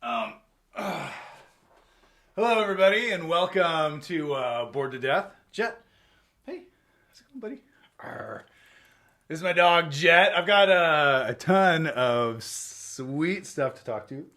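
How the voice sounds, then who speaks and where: A man's voice: on the high side, animated, a little slow, bright, forceful tone. A young man hosting his podcast while hungover, chatting loosely and joking at his own expense with lots of fillers. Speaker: podcast host. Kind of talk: casual rambling chat to camera.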